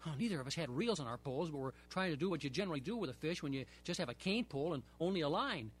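A man with a husky, somewhat high voice reads a children's adventure story aloud. His pitch swings widely as he acts out the excitement. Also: rapid-fire. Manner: lively, expressive storytelling.

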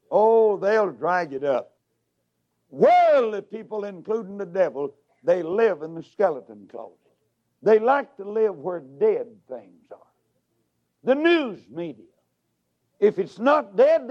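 Fiery preacher with wild pitch swings. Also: male voice, muffled recording. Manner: shouting, sing-song swoops between loud highs and hushed drops. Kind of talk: revival sermon.

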